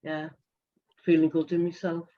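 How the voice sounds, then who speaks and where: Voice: medium pitch, completely flat delivery, normal speed. A participant in a group video call, sharing how they feel in a hesitant way while searching for words. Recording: muffled video call audio.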